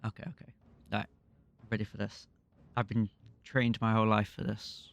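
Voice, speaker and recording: A man's voice: lowish voice, flat delivery, moderate pace, soft background music. A man co-hosting a podcast, thinking aloud in a rambling, casual way. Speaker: podcast co-host. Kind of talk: casual game discussion.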